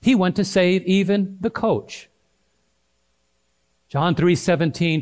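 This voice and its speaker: A man's voice: high voice, slow pace, long pauses. Man preaching with rising and falling force. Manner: dynamic preaching, swings between loud and hushed, calls to the congregation. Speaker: pastor. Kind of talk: sermon.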